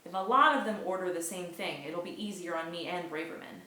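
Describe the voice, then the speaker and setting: Bright-voiced woman reading a novel aloud. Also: lowish voice, brisk, few pauses. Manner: lively first-person narration. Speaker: book reader. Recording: echoey room.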